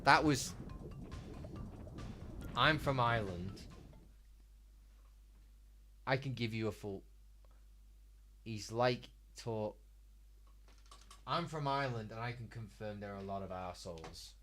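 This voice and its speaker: A man's voice: fairly low pitch, takes it slowly, long pauses, bright, forceful tone, a little hiss or hum. A man streaming a game live, chatting loosely and crudely with his viewers in a rambling way. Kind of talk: casual live-stream chat while gaming.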